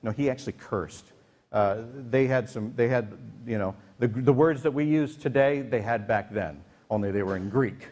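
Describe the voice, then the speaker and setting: A man's voice: mid-range voice, moderate pace, darkish tone. A man preaching a casual sermon as pastor, talking conversationally with many fillers and restarts, sometimes acting out the voices in the story.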